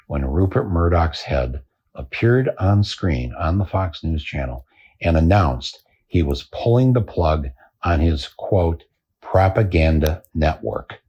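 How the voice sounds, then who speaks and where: An older American man hosting a podcast, delivering a deadpan satirical monologue and chuckling at his own jokes. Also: low-pitched, breathy edge, lo-fi sound. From United States. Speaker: podcast host.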